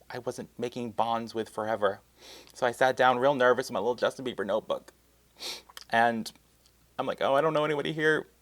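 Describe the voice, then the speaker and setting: A man's voice: mid-range voice, dry recording. A young man telling a casual storytime vlog, rambling and self-mocking, full of filler words. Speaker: vlogger.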